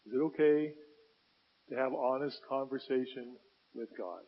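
A male pastor preaching a sermon, swinging from loud impassioned pleading to quiet reflective asides. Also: mid-range voice, a little slow, highs cut off.

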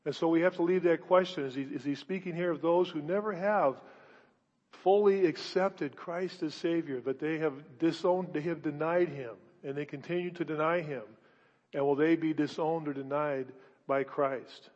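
A male pastor preaching a sermon in his church, emphatic and repetitive, asking rhetorical questions and swinging between loud declarations and hushed asides. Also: on the high side, steady tone, moderate pace, big-room sound, muffled recording.

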